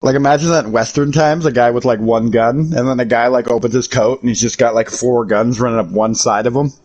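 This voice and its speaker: An American man chats casually with his viewers while streaming a game, joking and swearing in profane banter with chat. His voice is medium-pitched and a little mellow, with fairly even intonation, and he talks a little fast.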